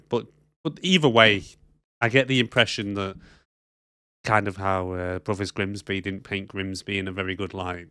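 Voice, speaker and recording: A British man co-hosting a casual podcast from a studio, jokey and animated. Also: low-pitched, clean tone, dry recording. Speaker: podcast co-host. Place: home studio.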